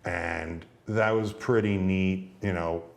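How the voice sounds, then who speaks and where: A man's voice: deep voice, slow pace. A man in his thirties, a wrestler, chatting casually in an interview and telling stories with lots of fillers. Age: 30s. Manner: rambling, relaxed, frequent fillers. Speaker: guest, pro wrestler.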